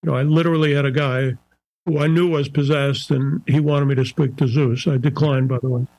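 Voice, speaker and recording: An older man, a psychiatrist guest on a podcast interview, talking in a measured, searching way and often restarting his phrases. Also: medium pitch, fairly even intonation, darkish tone, dry recording, low-quality recording.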